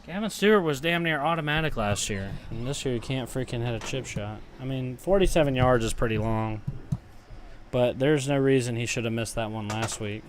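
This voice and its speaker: Young man, mid-pitch, fan reaction stream, cursing and grumbling, sudden cheering, faint noise behind. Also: normal speed. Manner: frustrated, swears, talks back to chat; bursts into excited cheering on big plays. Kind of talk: live fan reaction to a football game.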